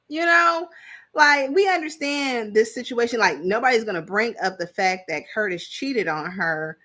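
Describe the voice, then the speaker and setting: Reviewing reality TV in a casual, chatty way, a blunt woman who is a parent speaks at a measured pace in a sharp, fairly high voice with lively intonation. She laughs a lot and drifts off as she hunts for names.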